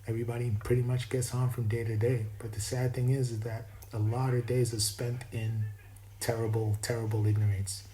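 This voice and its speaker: Man, East Coast American accent, rambling spiritual monologue, meandering restarts, monotone delivery, dark, warm tone. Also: medium pitch, brisk, slight background noise, poor audio. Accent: East Coast American, self-described as not perfect. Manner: meandering and reflective, with frequent restarts.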